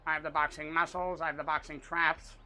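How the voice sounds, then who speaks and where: A young man streaming a boxing game, swearing constantly and ranting to his chat with excitable shouted outbursts. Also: on the high side, fairly quick, background noise. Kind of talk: gaming livestream commentary.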